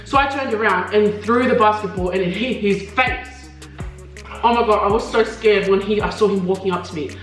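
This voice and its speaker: Talking a little fast, a young Australian mukbang co-host shares a childhood memory in casual chat, laughing frequently and animatedly voicing the people she quotes in a high pitch. The recording is off-mic and echoey, with faint music underneath.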